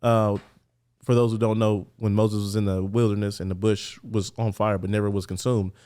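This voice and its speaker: Speaking as a guest on a podcast, an LA man recounts his story at a moderate pace in a smooth voice on the low side. He stays animated, says "like" constantly, and performs the voices of people he quotes.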